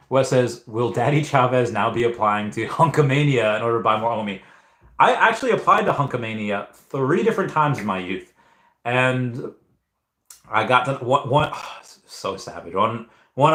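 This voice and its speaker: A man's voice: mid-range voice, normal speed, a bit bright. A young man hosting a casual livestream Q&A, reading chat and rambling with frequent restarts and repeated words. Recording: echoey room.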